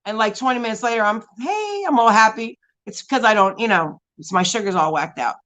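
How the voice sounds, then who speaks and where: A woman's voice: medium pitch, quick pace, fairly bright tone, poor audio. A woman hosting a casual beauty live stream, chatting and answering viewers in a rambling way full of fillers and frequent laughs. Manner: laughs often while talking.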